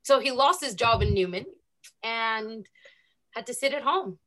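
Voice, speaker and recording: A woman's voice: fairly high pitch, unhurried, a crowd in the background. A woman from California with an American accent, a guest telling stories in a casual, chatty way. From California, USA. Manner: chatty, animated retelling with laughs and fillers. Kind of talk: casual storytelling interview.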